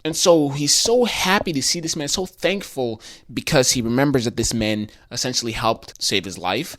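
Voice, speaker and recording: A man casually recapping a television episode for his video, animated and slangy, with many restarts. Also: medium pitch, dry recording, studio quality. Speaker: video creator.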